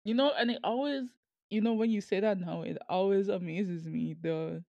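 A woman's voice: mid-range voice, normal speed, gravelly, warm tone, no room sound, muffled recording. Young woman with a Saint Martin accent. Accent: Saint Martin Caribbean. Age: young adult. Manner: laughs often, tells stories with quoted voices. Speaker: guest, student. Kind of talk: casual chat.

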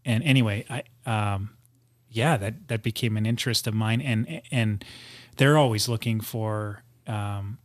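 A man's voice: lowish voice, measured pace, dry recording. A man from the United States, a guest on a studio podcast, telling stories in casual chat with lots of restarts. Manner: rambling storyteller with many restarts.

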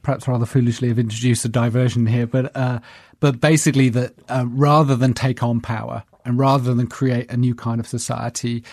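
A man's voice: mid-range voice, level tone, brisk, darkish tone, no echo, studio quality. A man as an interview guest, speaking articulately and earnestly in a casual conversation.

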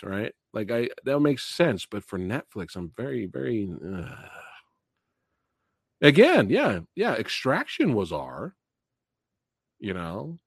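Profane, animated male movie streamer. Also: mid-range voice, a little slow, dry recording, studio quality. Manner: profane, animated, laughing and booing. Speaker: movie reaction streamer host. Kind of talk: live stream trailer reaction.

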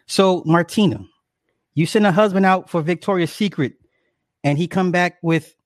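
A man's voice: sits high, moderate pace, no echo. A young man at home telling his viewers a story in a casual rant, indignant and exaggerated, swearing and laughing often. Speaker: livestreamer talking to viewers.

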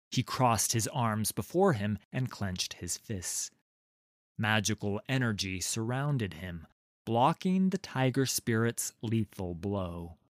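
A man reading a fantasy story aloud in a measured, deliberate way. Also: fairly low pitch, no room sound, clean studio sound. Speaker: narrator. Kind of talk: scripted fantasy narration.

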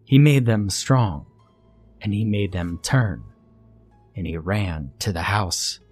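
Slow, husky-voiced horror narrator, a man. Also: fairly low pitch, a little mellow. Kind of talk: scripted horror story narration. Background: faint music.

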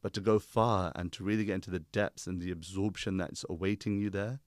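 Young man, podcast guest, very low voice, measured explainer, dry sound. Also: no room sound. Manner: calm, teacherly, uses analogies. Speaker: guest, spiritual speaker. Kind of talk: reflective conversation.

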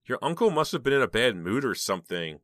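A man voicing a blunt, joking teenage girl with a hoarse, squeaky voice. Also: sing-song, quick pace, a bit bright, no room sound, clean studio sound. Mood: teasing. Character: short chunky teenage girl, blunt joker.

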